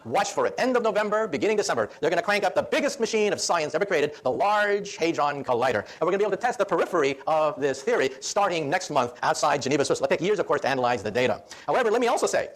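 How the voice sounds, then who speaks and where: Animated, fast-talking man lecturing. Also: fairly high pitch. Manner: animated, joking storyteller. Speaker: physicist giving a public lecture. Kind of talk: humorous public lecture.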